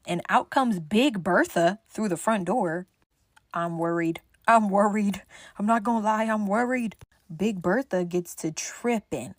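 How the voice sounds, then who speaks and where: A young woman tells a chaotic party story straight to the mic, animated and loose-tongued. Her voice sits at an ordinary middle pitch and sounds dry and close, with no room around it. She acts out everyone's lines as she goes. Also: dry recording. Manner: animated, swears freely, acts out quotes. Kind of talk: casual storytime.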